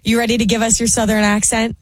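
A woman's voice: fairly high pitch, level tone, quick pace. A woman co-hosting a radio show, chatting casually and gushing over a caller. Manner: bubbly, gushing.

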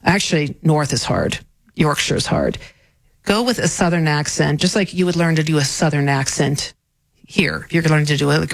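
A middle-aged woman hosting a talk show, speaking with a Southwest English accent in a slightly low voice. She chats loosely and rambles, often restarting her sentences. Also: poor audio. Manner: rambling, chatty, many restarts. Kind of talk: casual talk show chat.

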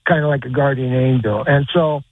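An older man calling in to a radio show, telling a long story in a halting, rambling way with lots of fillers and restarts. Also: mid-range voice, husky. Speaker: caller. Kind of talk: call-in storytelling. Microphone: telephone. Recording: tinny phone line.

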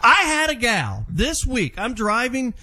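A man's voice: very high voice, measured pace. A man with a Southern US accent hosting a casual morning radio show, telling stories and joking with callers. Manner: animated storyteller, joking with callers.

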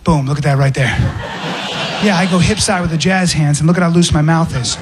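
A man performing a stand-up comedy set, telling an animated story with acted-out asides. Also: fairly high pitch, fairly quick, noisy background.

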